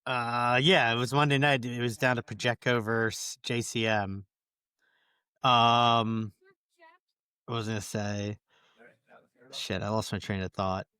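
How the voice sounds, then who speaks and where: A man's voice: mid-range voice, steady tone, unhurried, pauses often, pushed and bright, clean tone, dry recording. Swearing, rambling podcast guy. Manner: rambling, swears freely, laughs at himself. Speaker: podcast co-host. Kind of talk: casual chat.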